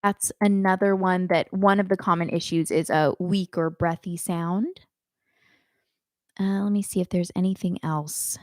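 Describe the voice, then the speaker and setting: A woman singing teacher answering viewers' chat questions in a live online lesson, thoughtful and unhurried, with many ums and restarts. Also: fairly low pitch, steady tone, a little mellow, dry recording, clean studio sound.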